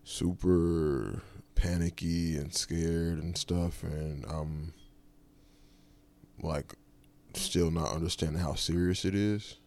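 A man's voice: low voice, steady tone, slow pace, a little mellow. A man hosting his own podcast, casually retelling a personal story in a loose, rambling way with lots of fillers. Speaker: podcast host.

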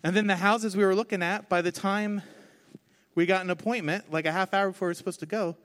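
A man preaching a conversational sermon from the stage, telling his own story candidly with lively, expressive delivery. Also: sits high, fast. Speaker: pastor. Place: on stage before a congregation.

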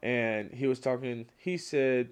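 The speaker is a young man on a casual solo podcast whose medium-pitched voice sounds clear and resonant at a measured pace. His storytelling rambles and is slangy and filler-heavy, and he grows loud and worked up when he rants.

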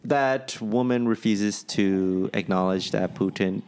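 A man's voice: fairly low pitch, slow, a little mellow. A man co-hosting a podcast, chatting casually and airing loose, opinionated views with some profanity. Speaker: podcast co-host. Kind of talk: casual chat.

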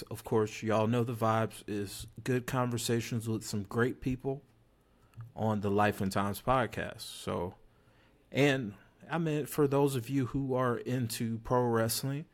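A man hosts a podcast in a relaxed, joking way, loose with his slang and a little tipsy from drinks. His voice sits at an ordinary middle pitch. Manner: laid-back, slangy, joking. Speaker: podcast host. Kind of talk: casual chat.

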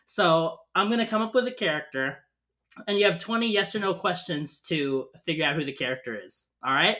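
A man hosts a casual podcast with a bright, slightly tense voice. He is upbeat and chatty, and he is easily moved by what his guest tells him. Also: on the high side, expressive, brisk. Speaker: podcast host.

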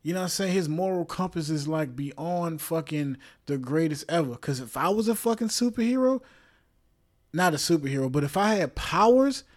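A man's voice: on the high side, lively intonation, fairly quick, darkish tone. A man hosting his own podcast, talking loosely and jokingly in a casual monologue full of slang, swearing and asides to the listener. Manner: frequent laughs and check-in asides. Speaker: podcast host.

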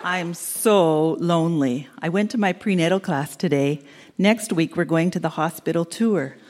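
A woman's voice: fairly low pitch, moderate pace, darkish tone, slight background noise. An older woman reading her old letters aloud to an audience, sweet and earnest with a teasing edge.

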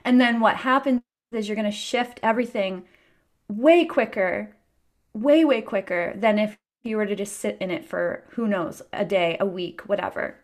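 A woman hosts a podcast in a relaxed conversation. She sounds earnest and encouraging as she talks. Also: medium pitch, normal speed. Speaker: podcast host. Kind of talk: casual chat.

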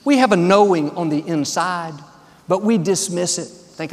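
A man's voice: high voice, normal speed, darkish tone. A man pastor delivering a sermon with an upbeat, repetitive preaching cadence in a large church. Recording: long hall reverb.

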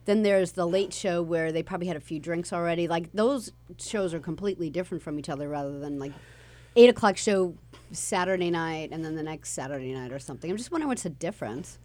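Curious low-voiced woman asking questions. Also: quick pace, a little mellow. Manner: curious, questioning, many likes. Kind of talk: casual chat.

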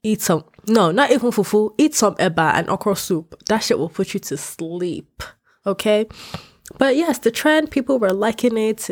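A young woman from West Africa hosting a podcast, talking candidly in an animated, ranting way. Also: mid-range voice, unhurried. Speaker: podcast host. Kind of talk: casual podcast rant. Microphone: podcast microphone.

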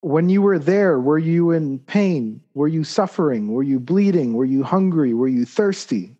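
A man voicing a calm, wise male spiritual teacher who asks gentle questions. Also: fairly high pitch, measured pace, dull audio. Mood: gently probing.

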